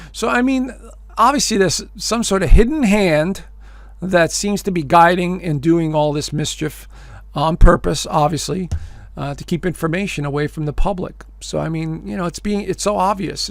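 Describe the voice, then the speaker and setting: Gravelly man giving emphatic casual commentary. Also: a little high, no room sound. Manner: emphatic, addresses listeners as folks; many fillers and repeated phrases. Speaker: astrologer hosting his own video show.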